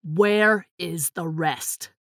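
A cold, scheming man of a storybook villain, put on by a woman reader, slow and menacing with a sneer. His voice sits lower than hers and each threat is drawn out deliberately. The sound is close and dry. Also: expressive, fairly bright tone, no echo.

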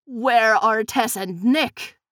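A woman's voice: on the high side, slow, fairly bright tone, dry recording, clean studio sound. A woman voicing a frail, startled old grandfather in a storybook, sounding shaky and fearful. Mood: alarmed.

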